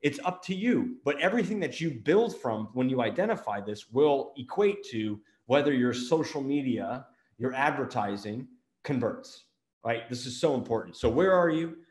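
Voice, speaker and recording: A middle-aged man delivers a motivational business talk to camera with energy, firing off one rhetorical question after another. His voice sits at an ordinary male pitch and bounces around a noticeably echoey room. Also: animated, normal speed, a little mellow. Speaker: marketing agency owner and show host.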